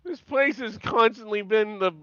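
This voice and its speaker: Man, podcast co-host, high bright voice, dry close sound, slightly dull lo-fi mic, jokey, laughs mid-sentence. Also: moderate pace, clean tone, no room sound. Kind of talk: casual TV episode recap chat.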